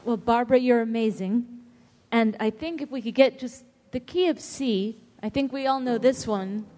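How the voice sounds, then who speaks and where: A woman moderating a live panel, asking questions in a lively, playful way. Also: on the high side, moderate pace, big-room sound.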